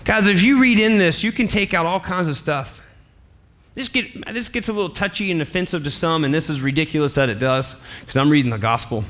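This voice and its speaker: A man who is a pastor, preaching a sermon in an animated, playful way and laughing often. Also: fairly high pitch, fairly quick.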